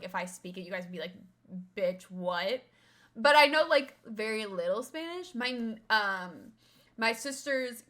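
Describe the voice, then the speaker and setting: A woman's voice: a little high, pushed and bright. A young woman streamer chatting casually with her viewers, rambling and swearing now and then.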